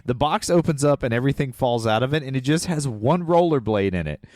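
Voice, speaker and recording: A man's voice: mid-range voice, animated, a little fast, a little mellow, dry recording. A man co-hosts a casual comedy podcast, rambling through a plot recap with jokes and fillers. His voice moves up and down a lot. The sound is close and dry, with no room around it. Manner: joking, rambling with many fillers. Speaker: podcast co-host.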